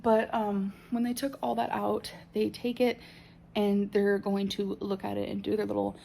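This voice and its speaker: A woman's voice: mid-range voice, flat delivery, moderate pace, creaky, mellow, slight background noise. A woman giving a chatty, matter-of-fact personal health update to her viewers. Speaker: vlogger sharing a health update.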